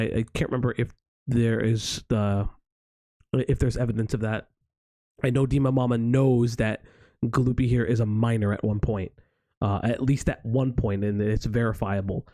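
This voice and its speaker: A man's voice: mid-range voice, normal speed, warm tone, dry recording. A man hosting a stream and reacting to a video in heated, indignant commentary, swearing and rising into exasperated outbursts.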